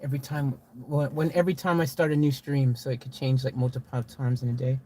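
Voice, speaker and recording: Streamer woman, chatty and teasing, reads chat out loud. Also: very deep voice, little pitch movement, quick pace, slight background noise. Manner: chatty, teasing, laughs often. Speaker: live streamer. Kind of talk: casual live-stream chat, reading comments.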